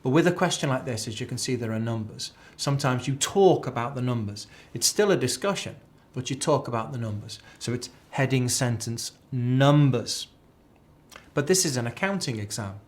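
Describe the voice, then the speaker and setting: In a live exam tuition lecture, an accounting tutor talks in an animated, medium-pitched voice at a moderate pace. He keeps things chatty, repeating key phrases over and over as a drill.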